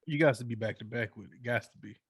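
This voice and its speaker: A man's voice: medium pitch, fast talker, husky, no echo, clean studio sound. A man co-hosting a casual chat, telling stories and giving loose, profane advice with lots of restarts. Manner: loose, profane, preachy storytelling with repeated restarts. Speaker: podcast co-host.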